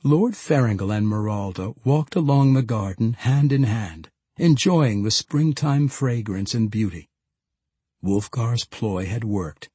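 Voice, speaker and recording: A man reading a fantasy novel aloud as an audiobook narrator, with measured, steady storytelling. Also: mid-range voice, husky, no echo.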